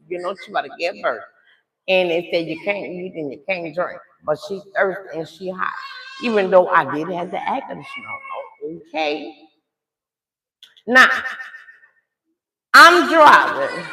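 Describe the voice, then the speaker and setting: Animated middle-aged lady chatting to her viewers, bright tone, roomy echo. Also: medium pitch. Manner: animated, talks straight to her audience. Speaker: live streamer telling a story. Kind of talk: casual storytime.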